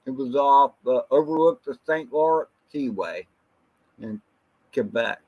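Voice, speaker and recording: A man hosting a casual livestream, drifting through stories in a rambling way. He speaks at a slow, unhurried pace, at a middle pitch, and greets viewers from the chat by name. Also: animated, slightly rough, muffled recording. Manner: slow, rambling, reminiscing storyteller. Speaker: drone channel livestream host.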